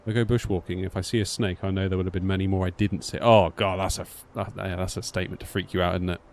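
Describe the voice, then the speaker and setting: A man's voice: deep voice, fast, slight background noise. Rambling British man chatting on stream. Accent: British English. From United Kingdom. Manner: rambling storyteller, animated, acts out quotes. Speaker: flight sim streamer. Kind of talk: casual live-stream chat.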